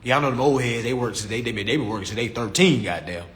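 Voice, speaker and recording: A man delivering a comedic rant to camera in an animated, preachy and mocking way. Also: mid-range voice, quick pace. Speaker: vlogger.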